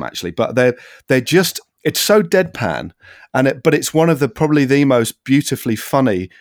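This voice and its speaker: Low-voiced man, rambling casually. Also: no room sound, studio quality. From Britain. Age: middle-aged. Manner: rambling, self-interrupting, enthusiastic. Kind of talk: casual chat.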